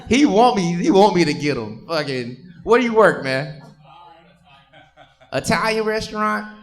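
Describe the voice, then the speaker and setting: A man's voice: high voice, big pitch swings, unhurried. A man doing profane stand-up crowd work on a comedy stage, teasing audience members.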